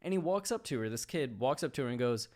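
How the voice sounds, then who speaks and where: A man hosting a casual monologue about a book, telling animated stories and laughing often, turning slower and reflective on the ideas. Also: mid-range voice. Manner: animated storyteller, laughs often mid-sentence. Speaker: host.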